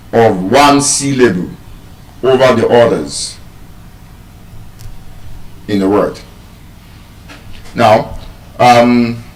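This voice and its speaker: A man with a Nigerian accent giving a public speaking lesson, slow and deliberate, leaning hard on single words to show stress. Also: medium pitch, fairly bright tone. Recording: echoey room, mic at a distance.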